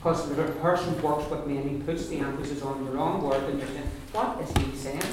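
A man's voice: a little high, fairly even intonation, a little fast. A man teaching a language class, explaining in loose restarts and often checking with his students. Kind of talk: classroom lesson. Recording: echoey room from far off, noisy.

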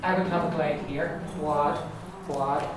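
A man with an Ulster accent teaches Irish pronunciation, modelling each word slowly and repeating it. His voice sits a little high and sounds distant in a very echoey classroom, with noise audible behind him. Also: fairly even intonation. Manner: explains patiently, models words slowly and repeats them. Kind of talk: pronunciation lesson. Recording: echoey room, mic far off, background noise.

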